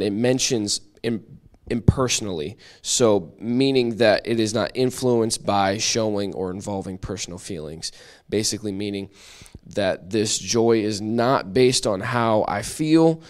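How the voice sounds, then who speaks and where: A man leads a church Bible study in a casual, talkative way. His voice sits on the lower side, and he laughs at himself and restarts sentences as he goes. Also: a little slow. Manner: chatty and self-deprecating, with frequent restarts.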